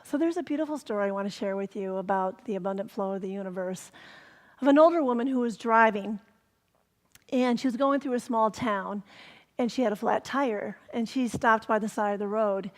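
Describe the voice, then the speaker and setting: A woman reverend giving a sermon, telling stories gently and sometimes dropping to a whisper for emphasis. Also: mid-range voice, a little fast, big-room sound. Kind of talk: sermon storytelling. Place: spiritual center hall.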